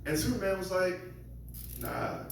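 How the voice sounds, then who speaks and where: A man's voice: fairly high pitch, lively intonation, normal speed, a crowd in the background. A man doing a rambling, self-deprecating stand-up set on a comedy club stage, slipping into voices for the people he quotes. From Seattle area. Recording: very echoey room, mic at a distance.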